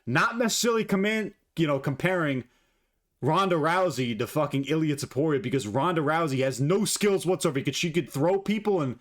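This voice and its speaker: A man's voice: a little high, animated, a little fast. A man hosting his own channel, giving blunt, profane, opinionated fight commentary. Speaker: MMA commentator, channel host. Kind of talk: casual ranting commentary.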